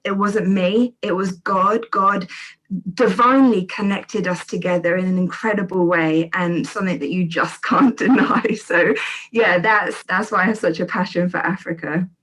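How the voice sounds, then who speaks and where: A woman, the guest, telling a personal story of faith with animated energy. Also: mid-range voice, low-quality recording. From England. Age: 30s. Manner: animated, acts out the people in her story. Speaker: charity founder and guest. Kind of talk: storytelling testimony.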